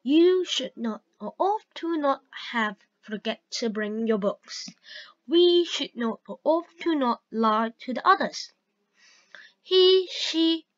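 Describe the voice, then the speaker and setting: Slow, high-voiced woman teaching grammar. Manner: reads examples aloud slowly and carefully. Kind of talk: slow grammar lesson narration. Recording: dull lo-fi recording.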